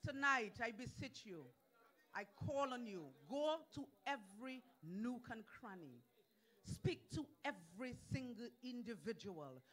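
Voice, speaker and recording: Male senator, Dominican accent, very high bright voice, shouting rally oratory outdoors. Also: expressive, a little slow. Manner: fiery, shouting, repetitive calls. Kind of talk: political rally speech.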